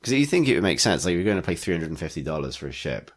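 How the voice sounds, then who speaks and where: Deep-voiced rambling podcast guy. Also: sing-song, rapid-fire. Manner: rambling, full of "like" fillers. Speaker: podcast co-host. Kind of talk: casual chat.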